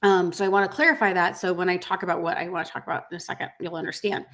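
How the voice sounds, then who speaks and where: A woman's voice: lowish voice, little pitch movement, racing, fairly bright tone. A middle-aged woman business coach talking live to her viewers, rambling with many fillers, emotional and close to tears. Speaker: business coach for pet groomers. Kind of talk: live-streamed coaching talk.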